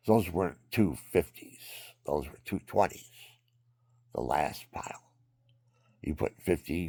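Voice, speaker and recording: Older guy rambling a story, super deep gravelly voice, dry sound. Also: no echo. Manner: drifts into hushed whispers, repeats himself. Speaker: vlogger.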